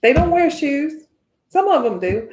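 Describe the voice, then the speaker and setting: A woman's voice: sits high, very animated, measured pace, darkish tone, echoey room. A woman from the United States teaching meditation in a casual, chatty way, often checking in with "right?".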